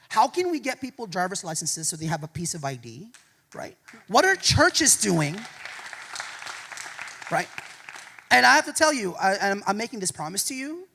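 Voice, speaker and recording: Animated man fielding audience questions. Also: sits high. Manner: animated, joking, keeps adding "right?". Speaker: featured speaker answering audience questions. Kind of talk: public talk Q&A. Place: university lecture hall with audience.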